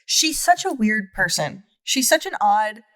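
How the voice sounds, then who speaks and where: Animated rambling woman in her twenties. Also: mid-range voice, unhurried. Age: 20s. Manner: rambling and animated, acts out quotes in mocking voices. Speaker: podcast co-host. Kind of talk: casual chat.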